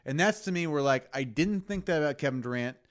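A man co-hosting a casual sports podcast, giving opinionated takes with animated asides. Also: fairly high pitch, fast talker.

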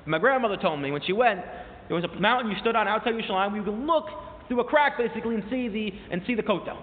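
A high-pitched man lectures to a class, telling a story with animated, climbing emphasis. He stops often to quote and translate old sources. His voice sounds thin and phone-like, with a long reverb tail as if in a big hall. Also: fast. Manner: mixes in quoted source phrases and restarts. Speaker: teacher.

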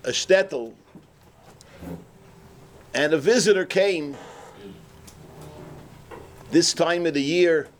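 Animated high-voiced man giving a sermon. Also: drawn-out words, long pauses, slight background noise. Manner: animated storyteller, acts out characters, cries out. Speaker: rabbi. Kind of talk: sermon with storytelling.

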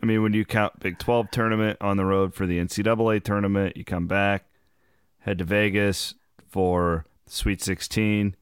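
Hoarse, low, smooth-voiced podcast host. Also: male voice, flat delivery, moderate pace, dry recording, clean studio sound. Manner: loose, rambling, profane storytelling. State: hoarse from travel. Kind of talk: casual chat.

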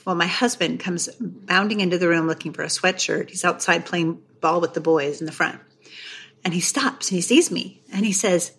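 A middle-aged woman, a guest author on a podcast, telling a story with lively energy and acting out the voices of others. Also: fairly low pitch, normal speed, breathy edge. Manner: animated storyteller, acts out quoted voices.

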